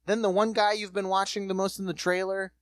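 A man's voice: high voice, no echo. Dry-voiced man riffing casually. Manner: animated, mocking, does quick goofy impressions. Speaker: podcast co-host. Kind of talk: casual comedic chat.

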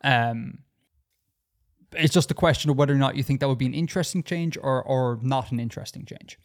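On a podcast, a co-host chats in a loose, casual way, often stumbling, restarting sentences, and filling pauses with ums. He speaks at a fairly quick clip in a mid-range pitch.

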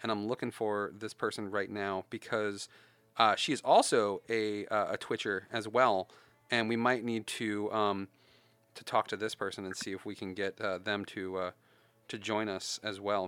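A man's voice: fairly low pitch, steady tone, normal speed, sharp tone, clean tone, dry recording. A man hosting a podcast in casual chat, rambling with lots of ums and uhs. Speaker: podcast host.

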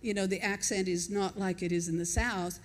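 An older American woman with an accent softened by decades abroad gives a conversational sermon. Her voice sits at a middle pitch. She tells stories and laughs along with her listeners, and a long reverb from a large church hall surrounds her words. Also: fairly even intonation, moderate pace. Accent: American, softened by years in Australia. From United States. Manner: conversational, storytelling, laughs with the congregation. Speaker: pastor. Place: church auditorium.

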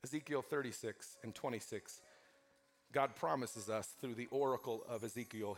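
A man's voice: medium pitch, moderate pace, faint music behind. A pastor preaching to his congregation during a church service, emphatic and calling out for amens between points. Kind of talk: live sermon with announcements.

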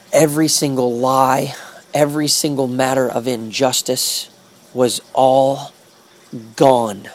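A man telling a personal faith testimony in an earnest, halting way, repeating words and drawing out slow phrases. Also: mid-range voice, a little mellow. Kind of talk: emotional personal testimony storytelling.

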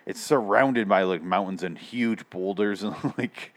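A man co-hosting a casual podcast, chatting about a TV episode in a profane, sarcastic and animated way. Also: fairly low pitch, measured pace. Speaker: podcast co-host. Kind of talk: casual chat reviewing a TV episode.

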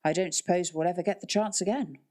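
A woman's voice: lowish voice, fast talker, a little mellow, lightly acted. A woman voicing Norbert, a protective uncle with a dry, sardonic manner, in an audiobook reading.

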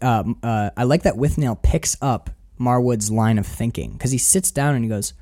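Podcast co-host, man, animated and loose, swears freely, drops into quick impressions of movie lines. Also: medium pitch. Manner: animated, quoting film lines in put-on voices. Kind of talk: casual film discussion.

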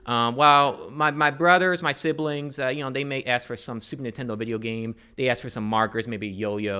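A man's voice: medium pitch, fairly even intonation, fairly quick, bright, forceful tone, clean tone. A man telling a personal story to a live audience, rambling and joking with many fillers and restarts. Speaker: storyteller on stage.

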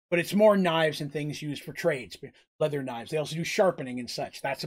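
Male game master, casual rambling narration, slightly high voice. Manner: casual, rambling, self-correcting.

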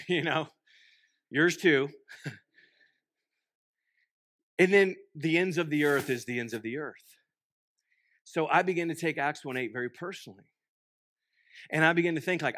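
A young man from Texas with a Texan accent preaching a sermon, joking and swinging between loud bursts and hushed asides. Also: on the high side, lively intonation, normal speed, long pauses, dry recording, studio quality. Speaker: pastor. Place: church.

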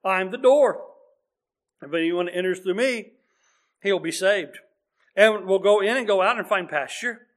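A man's voice: high voice, measured pace, long pauses. A man preaching a sermon in an earnest, conversational way, reading scripture aloud as he goes.

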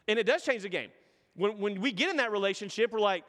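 High-voiced man preaching in a reverberant hall. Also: fast talker. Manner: animated storytelling with acted-out voices. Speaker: pastor. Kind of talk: sermon.

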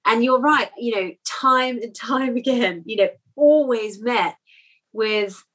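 A woman's voice: on the high side, slow pace, fairly bright tone. A woman co-hosting a casual faith podcast, reflecting openly with many fillers. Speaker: podcast co-host.

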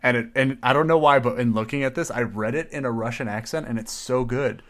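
A man with an ordinary middle pitch co-hosts a casual podcast, joking around and rambling. He trips over his words and restarts sentences as he goes. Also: brisk. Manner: playful, rambling with frequent restarts. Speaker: podcast co-host. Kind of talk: casual banter.

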